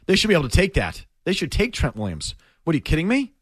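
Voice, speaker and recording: A man hosting a call-in sports radio show, excitable and laughing often. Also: on the high side, fast, husky, no room sound, studio quality.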